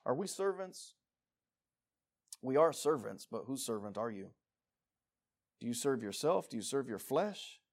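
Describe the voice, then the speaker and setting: A man preaching a sermon to his congregation, swinging between loud emphatic passages and quiet, intense rhetorical questions. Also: mid-range voice, sing-song, unhurried, long pauses. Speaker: pastor. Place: church meeting room.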